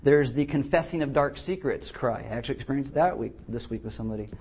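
A middle-aged man preaching a sermon as pastor, animated and acting out the voices he quotes. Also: mid-range voice, fast, husky.

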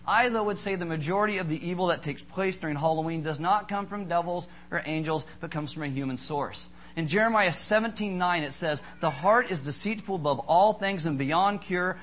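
A man preaching to a congregation in a lively, joking way, telling a ghost tale before his sermon. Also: high-pitched, slight background noise. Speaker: pastor. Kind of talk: sermon with a told ghost story. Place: church hall with a congregation.

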